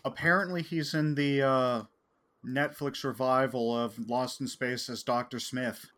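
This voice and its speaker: A man's voice: medium pitch, steady tone, a little slow, fairly bright tone. A man co-hosting a podcast in casual chat, speaking in a dry, matter-of-fact way. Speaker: podcast co-host.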